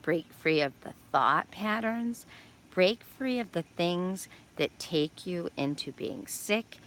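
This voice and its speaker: A woman's voice: on the low side, lively intonation, takes it slowly, fairly bright tone. An older woman talking outdoors, giving a casual, encouraging weekly astrology message with rambling fillers. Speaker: astrology vlogger.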